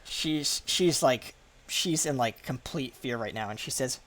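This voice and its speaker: A man's voice: mid-range voice, unhurried, a bit bright. Guy running a tabletop game, rambly, average voice. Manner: rambling, filler-heavy description. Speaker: game master.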